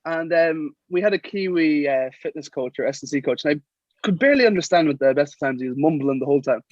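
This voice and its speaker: Young man, Irish accent, podcast guest, lively storytelling, higher pitch, dry, muffled lo-fi sound. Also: fast, dry recording. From Sligo, Ireland. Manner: lively anecdotes, acting out quotes. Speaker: guest, professional rugby player.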